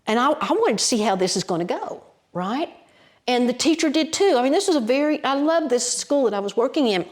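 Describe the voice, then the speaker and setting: A woman with an Appalachian accent, a guest storyteller, telling a story in a lively, folksy way with colloquial mountain phrasing. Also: sits high, a little fast. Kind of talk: animated oral storytelling.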